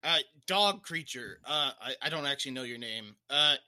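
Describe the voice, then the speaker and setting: A man's voice: medium pitch, animated, moderate pace, bright, forceful tone. A man playing a tabletop game, eager and stumbling over his words. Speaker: player. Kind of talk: casual tabletop play.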